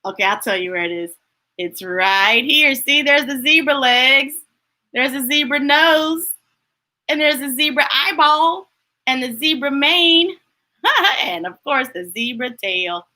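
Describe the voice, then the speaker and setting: A woman from the United States leads storytime, reading picture books to little ones and pausing between pages to chat and laugh with them. Her voice is high, animated, pushed and bright, and a little slow.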